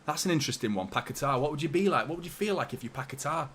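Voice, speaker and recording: Sweary football fan host. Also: male voice, on the high side, animated, very fast, a bit bright, slight background noise. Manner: chatty, swears a lot, reads out super chats. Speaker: fan channel host doing a live watchalong. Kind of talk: live match watchalong commentary.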